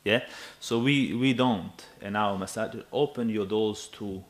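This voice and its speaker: A man in his thirties preaching a sermon in an animated, emphatic way, often checking with his listeners. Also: fairly low pitch, measured pace. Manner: animated and emphatic, with asides to the audience.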